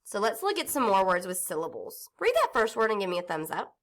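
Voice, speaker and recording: A woman teaching a phonics lesson to young children, stretching words out and sounding them slowly. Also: mid-range voice, big pitch swings. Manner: slow, sing-song teacher talk, stretching out words and sounds.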